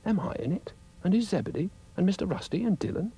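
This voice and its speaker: A sweet little cartoon girl asks one innocent question after another, voiced by a man. The voice is lifted well above his own and stays eager and bouncy. Soft music runs underneath. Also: sits high, expressive, quick pace, breathy edge, voice pushed up, heavily acted.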